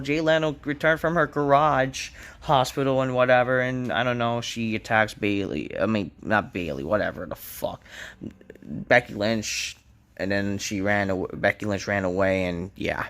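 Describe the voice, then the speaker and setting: A man's voice: mid-range voice, steady tone, normal speed, a bit bright. A man ranting casually about a wrestling show, frustrated, swearing and rambling.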